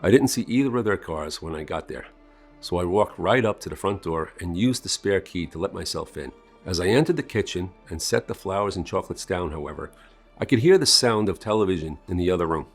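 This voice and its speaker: A man's voice: expressive, brisk, slightly rough. A man narrating a scripted first-person sales story in a dramatic storytelling manner. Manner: dramatic storytelling with strong swings in pitch and volume. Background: faint music.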